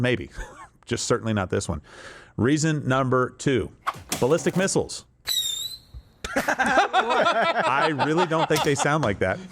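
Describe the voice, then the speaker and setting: A man hosting political commentary in an emphatic, sarcastic way. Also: on the low side. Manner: emphatic, sarcastic, animated delivery. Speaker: host.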